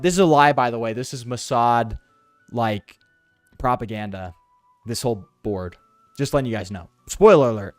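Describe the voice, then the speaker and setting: A young man streaming a game, joking loudly with chat and reading in-game text aloud. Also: medium pitch, normal speed, dry recording, soft background music. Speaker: gaming streamer. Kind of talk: casual let's-play commentary.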